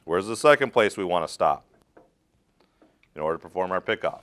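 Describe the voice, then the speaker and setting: A man's voice: sits low, animated, a little fast, a bit bright. A middle-aged man teaching a rope rescue class, direct and practical, quizzing his students as he demonstrates. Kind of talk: hands-on safety training talk.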